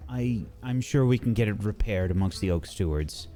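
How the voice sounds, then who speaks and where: A man's voice: fairly low pitch, animated, moderate pace, warm tone, soft background music. A man working as game master in a tabletop role-playing game, making hesitant rulings with fillers.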